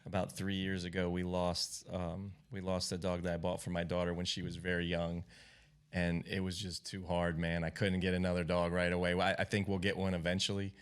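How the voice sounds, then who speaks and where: A man answering interview questions in an earnest, plain-spoken, unhurried way. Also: sits low, completely flat delivery, clear, resonant tone. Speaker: guest, racquet sports director.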